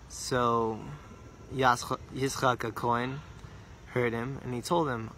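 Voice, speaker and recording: A male storyteller narrates a religious tale earnestly, at a middle pitch. He repeats words for emphasis and slows down on details. A faint hum of background noise sits under his voice. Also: fairly even intonation, bright, forceful tone.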